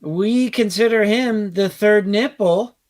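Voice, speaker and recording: A man's voice: high voice, takes it slowly, darkish tone. A man co-hosting a podcast, telling rambling stories in casual chat and laughing along with them. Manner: rambling, laughs through his own stories. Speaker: podcast co-host.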